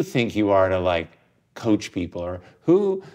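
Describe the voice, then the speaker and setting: British man hosting, low and rambling. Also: very animated, warm tone. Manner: rambling, halting questions with many fillers. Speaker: podcast host. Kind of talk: casual interview chat.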